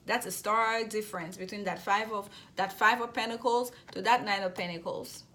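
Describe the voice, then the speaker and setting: A tarot reader with a clear non-native accent does an intuitive reading to camera, her medium-pitched voice steady and fairly bright at a normal pace. She talks in a reassuring, repetitive way, restarting phrases often and asking her listeners check-in questions.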